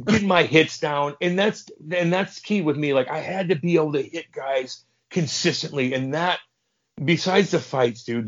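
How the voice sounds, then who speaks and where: A man's voice: fairly high pitch, lo-fi sound. A man guest telling stories in a casual, profane way, acting out the voices of people in them. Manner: profane, animated, plays out voices in his stories. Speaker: podcast guest, former hockey enforcer. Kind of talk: casual storytelling.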